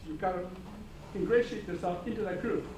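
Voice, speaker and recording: A man speaking on a panel discussion, animated and engaging the audience with humor and questions. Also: sits high, brisk, slight background noise, low-quality recording. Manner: animated, audience-engaging, uses put-on voices for quoted people. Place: conference hall.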